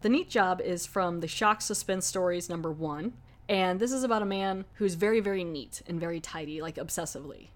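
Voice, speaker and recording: Woman podcaster rambling about a movie, slightly low voice, lots of "like". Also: fairly quick. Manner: rambling, chatty, lots of "like" fillers. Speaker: podcast host. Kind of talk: casual movie review.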